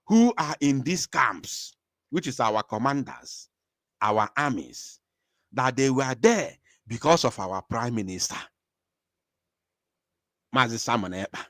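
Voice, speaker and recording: A man's voice: mid-range voice, big pitch swings, a little slow, fairly bright tone, no room sound, studio quality. A man with an Igbo-accented Nigerian English voice giving impassioned commentary as a show host, angry and repeating phrases for emphasis.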